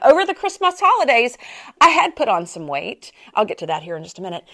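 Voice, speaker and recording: A woman's voice: mid-range voice, big pitch swings, moderate pace, pauses often, fairly bright tone. A woman hosting a faith and fitness podcast. She is a personal trainer who tells a story in a chatty way, laughs often and repeats her phrases. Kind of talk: casual chat, storytelling.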